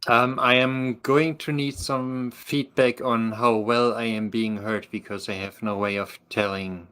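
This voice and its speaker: A man with a German accent chatting casually as a remote guest, halting with many fillers and dry humor. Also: medium pitch, little pitch movement, pushed and bright, clean tone. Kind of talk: casual chat.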